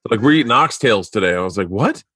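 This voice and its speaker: Animated storytelling man, dry close sound. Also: lowish voice, rapid-fire, no room sound. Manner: animated, acts out quoted voices, swears freely. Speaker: comedian on a podcast. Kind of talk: casual chat, storytelling.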